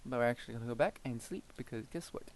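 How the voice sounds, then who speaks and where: A young man casually commentating his own gameplay, rambling and thinking aloud, often trailing off into quiet murmurs as he builds. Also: medium pitch, fast, slight background noise, poor audio. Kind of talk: casual let's-play commentary.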